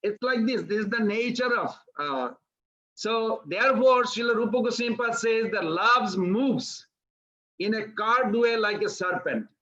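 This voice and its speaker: A man giving a devotional sermon, telling a story in an animated way and acting out its characters. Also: sits high, measured pace, lo-fi sound. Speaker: preacher.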